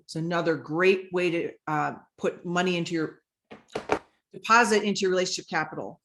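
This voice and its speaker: A woman business coach giving a lively, conversational talk about selling on social media, acting out sample messages as she goes. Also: fairly low pitch, brisk.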